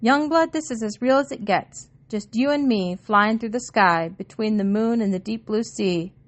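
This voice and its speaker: A woman voicing a calm, knowing mother who appears in her son's dream, speaking gently and urgently. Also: on the high side, normal speed, close to an everyday voice. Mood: urgent, tender. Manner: gentle, urging.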